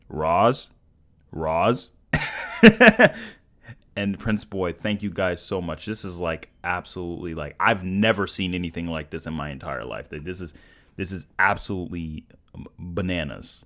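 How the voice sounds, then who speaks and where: A young man hosting a live stream, excitable and stammering, swinging between shouts and mumbles. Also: low voice. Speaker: livestream host. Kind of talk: casual live stream chat.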